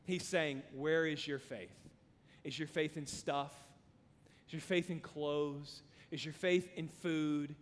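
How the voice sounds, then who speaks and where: Pastor guy telling a story in a sermon, kinda high voice, big echoey church hall. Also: slow. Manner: animated storyteller, voice rising and dropping with the tale. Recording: long reverb of a large hall.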